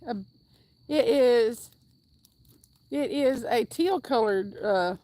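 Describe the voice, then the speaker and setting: This livestream host has a slightly high, warm voice and speaks slowly but with animation, and the recording is dry. Out fishing by the water, she cheerfully chats through viewer comments, letting out the occasional whoop.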